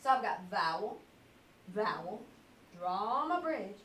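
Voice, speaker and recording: A woman's voice: mid-range voice, very animated, slow, a bit bright. A woman teacher leading a phonics lesson, asking patient questions and stretching out words as she models them. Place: classroom. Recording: echoey classroom from a distance with faint hiss.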